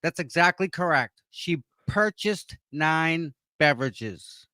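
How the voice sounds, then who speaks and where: A man's voice: fairly high pitch, expressive, slow, sharp tone, dry recording, studio quality. A man agreeing emphatically in a casual discussion.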